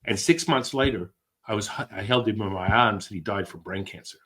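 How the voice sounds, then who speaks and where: A middle-aged man, a guest, telling stories with excitable energy and casual swearing. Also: on the low side, normal speed. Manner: excitable, swears, acts out quotes in other voices. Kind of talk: animated storytelling.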